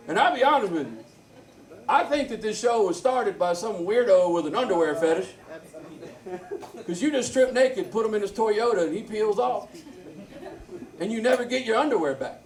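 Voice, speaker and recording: A man's voice: high voice, distant mic. Southern guy doing raunchy standup, brash crowd banter, echoey club recording. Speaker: stand-up comedian. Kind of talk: stand-up set. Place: comedy bar stage.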